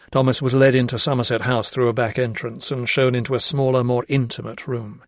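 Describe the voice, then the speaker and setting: In this scripted audiobook narration, a man with a mid-range voice tells the story at an even, measured pace. The studio recording is clean and dry.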